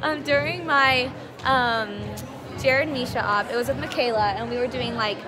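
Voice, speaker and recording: A young woman vlogging in a busy convention hallway, chatting fast and giggling as she tells stories. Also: sits high, a crowd in the background. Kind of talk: casual vlog chat. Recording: noisy crowded hall with music.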